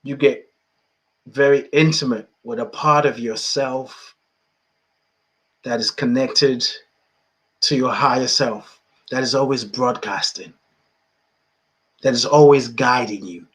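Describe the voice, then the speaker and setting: A man's voice: mid-range voice, steady tone, takes it slowly, long pauses, fairly bright tone. A man from the United Kingdom hosting a podcast, talking reflectively about spirituality, repeating phrases and chuckling often. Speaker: podcast host.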